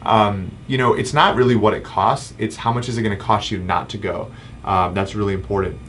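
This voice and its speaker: A man's voice: on the low side, steady tone, brisk, fairly bright tone, slight background noise. A man in his thirties, a chiropractor hosting a casual live Q&A and answering viewer comments with frequent ums. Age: 30s. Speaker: chiropractor host.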